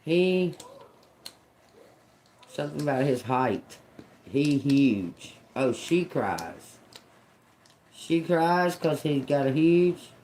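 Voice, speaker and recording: A woman's voice: deep voice, animated, very slow, pauses often, dark tone, a little hiss or hum. A woman streaming live as a psychic reader, muttering single words over and over, puzzled and swearing at what she hears. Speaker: tarot and oracle live streamer.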